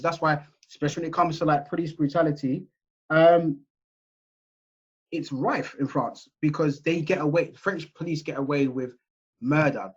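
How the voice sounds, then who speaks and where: A man's voice: on the high side, moderate pace, husky. A man with an English accent giving a seminar lecture over a video call, in a chatty, conversational way that keeps checking in with his listeners. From England. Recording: muffled video call audio.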